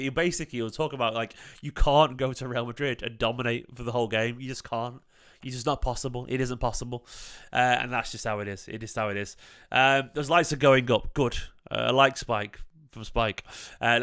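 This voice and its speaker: A man livestreams his reaction to a football match for his fan channel, speaking a little fast in a smooth, clear, slightly bright voice pitched in the middle. Casual and emphatic, he hammers points through repetition and curses freely.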